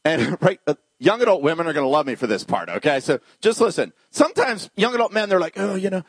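A male preacher tells stories and jokes with a congregation in a lively sermon. His voice sits high and swings widely in pitch. The recording is dry and close. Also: fast talker, husky, no room sound. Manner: humorous, animated, talks to the congregation.

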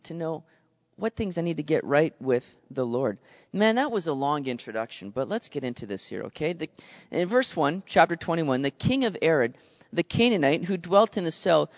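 A man preaching a sermon in an animated way, acting out the voices he quotes. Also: a little high, moderate pace. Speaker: pastor. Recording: dull lo-fi sound with long reverb.

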